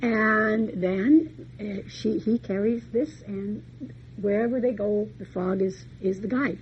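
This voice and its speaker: A woman's voice: mid-range voice, slow pace, muffled recording, slight background noise. A woman lecturer retelling a fairy tale in a folksy, chatty way, full of homey asides. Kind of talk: storytelling lecture.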